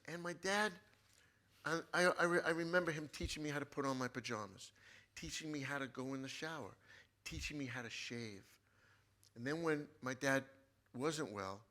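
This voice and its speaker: Chatting casually, a guest author with a medium-pitched voice shares a personal story. He is animated and frequently starts his sentences over.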